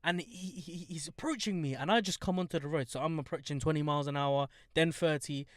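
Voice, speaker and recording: A young Londoner co-hosting a podcast talks fast, telling a story in lively, casual chat and voicing other people in high pitches. The studio-quality recording has no room sound.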